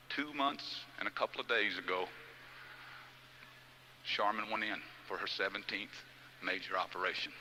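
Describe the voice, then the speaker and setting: A middle-aged man speaking to an audience in a folksy, heartfelt style and telling a personal story with feeling. His voice sits on the low side but has a sharp, bright edge. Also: fairly even intonation, fairly quick, slight background noise, poor audio. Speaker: motivational speaker. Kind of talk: motivational speech with personal storytelling.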